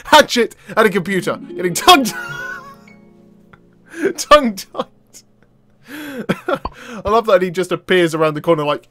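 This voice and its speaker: Young man, high voice, bright and sharp tone, excitable game commentary, bursts of shouting and laughter. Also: normal speed, faint music behind. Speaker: gaming video creator. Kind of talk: let's play commentary.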